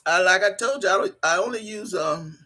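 A woman's voice: medium pitch, a little fast, breathy edge. A woman in her sixties hosting a casual live stream, chatting loosely, laughing and teasing her viewers. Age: 60s. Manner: loud, laughing, teasing commentary; chatty, colloquial, swears freely. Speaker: livestream host reading chat.

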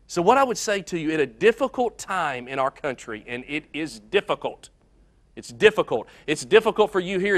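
A man preaching a sermon, telling a story earnestly and swinging between loud and soft passages. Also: a little high, very animated, brisk.

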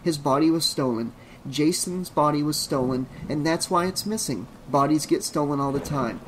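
A terrified young woman whispering reassurances to herself, then crying out in panic, as a man reads her lines. Her voice jumps higher and louder when the fear takes over, a storybook heroine on the edge of breaking. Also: moderate pace, a little hiss or hum, lightly acted, poor audio. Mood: denial. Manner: panicked, breathless pleading with herself. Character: frightened young woman hiding from a killer.

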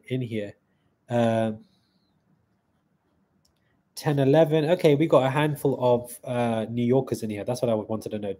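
A man hosts a live stream in a loose, chatty way, reading viewer comments aloud and answering them on the fly. His voice sits at a middling pitch with a mellow, warm tone.

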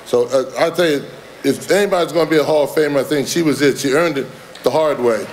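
A man's voice: a little high, quick pace, some chatter behind, slight background noise. A man in his seventies giving a Hall of Fame induction speech in a folksy, rambling manner, chuckling at his own jokes. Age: 70s. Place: large hall with audience.

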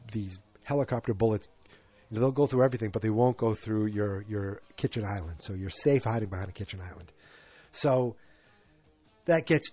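A man hosting a podcast talks in a loose, rambling way, with many fillers and false starts. His voice is low and mellow with a husky grain. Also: dry recording. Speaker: podcast host. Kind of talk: casual chat.

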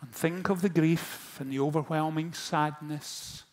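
A fairly high-voiced man preaching a storytelling sermon. He drops to near-quiet lines, then rises to stirring, impassioned questions. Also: steady tone, a little slow. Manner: storytelling, swings from hushed to impassioned. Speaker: pastor.

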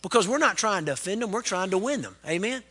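A man's voice: sits high, animated, fast, pushed and bright, breathy edge. A middle-aged man preaching a sermon as pastor, fervent and calling out for amens. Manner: fervent preaching with call-and-response "Amen?".

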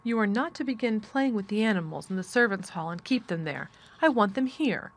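A bossy, sickly young boy who gives orders in a haughty, commanding way, as a woman reads him aloud in an audiobook. His voice rides a little higher than an ordinary adult's, with an expressive lilt. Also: a little fast, breathy edge. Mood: imperious.

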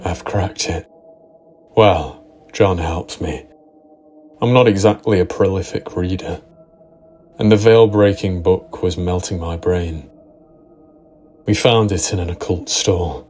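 A man narrating a first-person horror story in a steady, dramatic storytelling manner. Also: deep voice, slow, long pauses, faint music behind. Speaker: narrator and writer.

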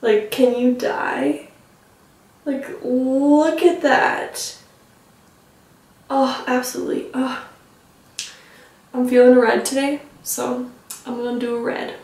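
A young woman chats her way through a makeup tutorial, rambling with lots of filler and poking fun at herself. Her voice sits high, with a gravelly fry. She sounds a little away from the mic, in a very echoey room. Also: steady tone, takes it slowly, long pauses, darkish tone, recorded from a distance. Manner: rambling, self-teasing, filler-heavy. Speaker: beauty vlogger.

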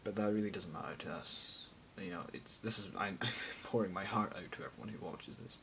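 Teen boy, deep voice, random jokey vlog chatter, phone camera, faint rumble. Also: fairly quick, creaky, a bit bright, rough recording. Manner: random, jokey, self-mocking, mutters asides. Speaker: vlogger. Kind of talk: rambling casual vlog.

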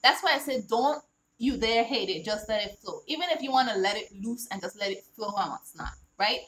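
A woman's voice: fairly high pitch, lively intonation, fairly quick, a bit bright, poor audio. A woman author talking casually on her vlog, reading lines from her own children's book aloud and explaining each one in an earnest way, often checking in with "all right?".

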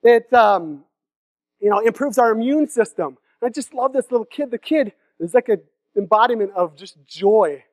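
A man's voice: high-pitched, expressive, normal speed, darkish tone, dry recording. A young man from the Seattle area giving a comedic keynote talk at a conference, joking with the crowd and acting out silly voices. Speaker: conference speaker. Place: conference hall stage.

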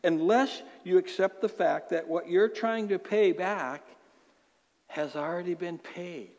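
A man's voice: sits high, a little slow, a little mellow. Emphatic preacher man in a reverberant hall. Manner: emphatic, repeats words for stress, acts out inner voices. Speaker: pastor. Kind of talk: sermon. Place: church sanctuary.

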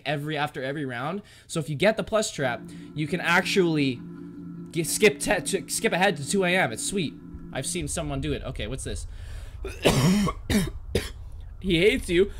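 Guy yelling and cursing at a horror game, kinda high voice that jumps all over, faint game music behind. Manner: frantic, swearing, barking orders at the game. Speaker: gamer. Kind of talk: let's play commentary.

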